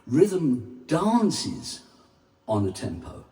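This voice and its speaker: An unhurried male vocal coach speaks slowly and with emphasis, breaking into sung vowels to show what he means. His voice comes from a little way off the mic in a roomy, echoing space. Faint music plays underneath. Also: on the high side, sing-song, distant mic. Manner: demonstrates with sung vowels and scat syllables. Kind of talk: singing lesson to camera.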